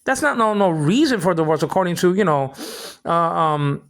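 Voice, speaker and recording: A man's voice: fairly high pitch, expressive, moderate pace, fairly bright tone. An older man from the Philippines in a rambling personal monologue, heated and repetitive, often stammering and restarting his words. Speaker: vlog host.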